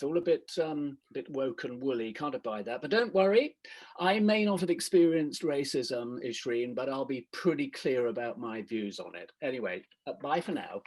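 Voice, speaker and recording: A man playing a pompous, clueless gentleman with prejudiced views, patronizing and tripping over his own words in a comedic role-play. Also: on the high side. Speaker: consultant acting out a skit.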